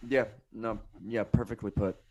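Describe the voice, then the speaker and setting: A man's voice: steady tone, normal speed, a crowd in the background, low-quality recording. A man co-hosting a casual movie discussion, joking and slangy. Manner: joking, slangy, swings pitch for emphasis. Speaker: podcast co-host.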